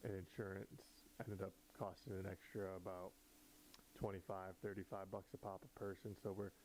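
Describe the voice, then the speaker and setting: Brief: young male podcast host, low voice, rambling casual talk, home mic with faint hiss. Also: level tone, moderate pace, darkish tone, poor audio. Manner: rambling, hesitant, many fillers. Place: indoors in a small apartment. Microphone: home DIY setup.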